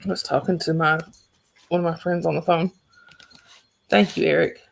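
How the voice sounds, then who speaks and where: A woman's voice: deep voice, little pitch movement, moderate pace, creaky. A woman with a Southern accent hosting a livestream, chatting casually and rambling with her viewers. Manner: rambling, chatty, restarts sentences. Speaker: livestream host.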